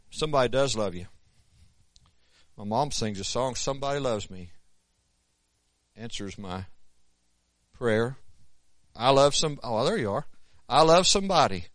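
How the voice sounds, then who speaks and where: A man preaches in a plain, folksy sermon voice. He climbs to loud, emphatic peaks, then drops to soft, quiet asides. The sound is close and dry, with no room echo. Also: medium pitch.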